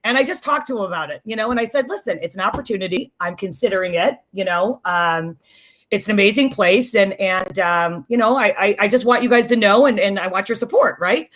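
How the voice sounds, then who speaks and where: A woman from a small town outside Chicago telling a story in casual chat, lively and joking, acting out the other people's voices. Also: medium pitch, brisk. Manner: animated, acts out quoted voices, self-described jokester. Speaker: interview guest.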